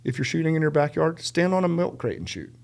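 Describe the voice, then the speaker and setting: A middle-aged man from South Carolina, a podcast guest telling stories in casual conversation, animated and emphatic, acting out the people he quotes. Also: a little high, quick pace, creaky. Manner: animated, acts out quoted dialogue; emphatic, repeats words for stress.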